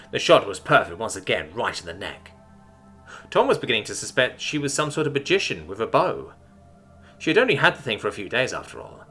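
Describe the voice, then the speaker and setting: Guy narrating a story, bright forceful voice, pitch jumping all over, soft music behind. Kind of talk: scripted narration.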